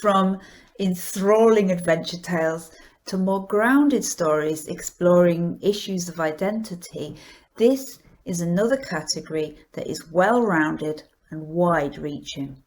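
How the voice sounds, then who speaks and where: A woman hosting an awards presentation, reading a script in a measured, deliberate way. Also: fairly low pitch, darkish tone. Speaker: awards host.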